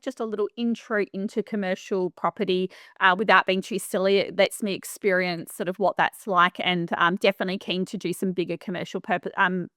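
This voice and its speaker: A middle-aged Australian woman talks through her stories as a podcast guest, chatty and animated, often restarting sentences. Her pitch sits in a mid range for a woman. The sound is dry and close, with no room around it. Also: no room sound. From Western Australia. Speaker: property manager, podcast guest. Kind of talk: casual interview storytelling.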